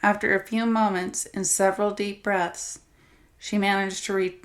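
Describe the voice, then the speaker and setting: Woman narrator, scripted horror story, dramatic steady delivery, mid-pitched voice. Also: moderate pace.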